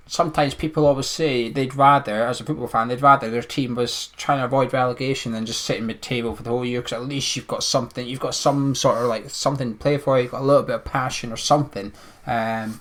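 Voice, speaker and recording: A man's voice: medium pitch, steady tone, a little fast, fairly bright tone. A man co-hosting a casual podcast chat, rambling and opinionated. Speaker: podcast co-host.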